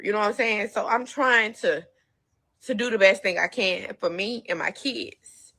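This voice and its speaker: A woman's voice: mid-range voice, moderate pace, vocal fry, sharp tone, breathy edge. A woman talking on her livestream, tearful, rambling and defensive. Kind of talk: emotional live stream talk.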